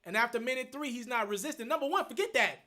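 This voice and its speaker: A man's voice: very high voice, animated, fast talker, sharp tone. A man, hosting a live stream, thinking aloud as he answers viewer questions and repeating his points in an earnest, casual way. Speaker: host.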